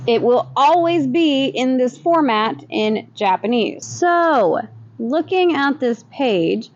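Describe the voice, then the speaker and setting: Upbeat woman teacher, high voice, slightly dull lo-fi recording, clear patient explanations. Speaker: Japanese teacher. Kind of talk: recorded language lesson.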